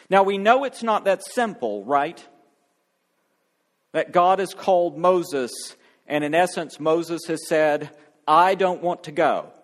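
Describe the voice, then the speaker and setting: A man preaching a sermon, reading scripture aloud and then exhorting the congregation, stretching words out slowly for emphasis. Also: high voice. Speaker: pastor.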